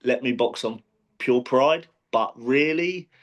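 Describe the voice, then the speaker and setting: A professional boxer being interviewed, talking casually with many restarts and fillers. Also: male voice, mid-range voice, slow pace. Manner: rambling, frequent restarts and fillers.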